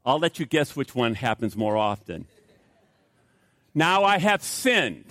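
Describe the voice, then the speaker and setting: Emphatic male preacher with lively pitch. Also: measured pace, no room sound. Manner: emphatic, repetitive, with rising outbursts. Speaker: pastor. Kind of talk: sermon.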